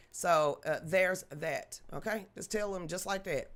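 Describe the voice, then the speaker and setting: A woman's voice: on the low side, a little slow, few pauses, a bit bright. A woman hosting a live political commentary show from home, talking in a blunt, colloquial and emphatic way.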